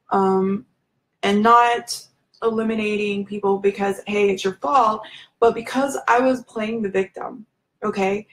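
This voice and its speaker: A woman's voice: mid-range voice, low-quality recording. A woman giving a candid, confessional talk to her viewers on a live video, speaking informally and addressing them directly as a spiritual self-help speaker. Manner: informal, many fillers and restarts.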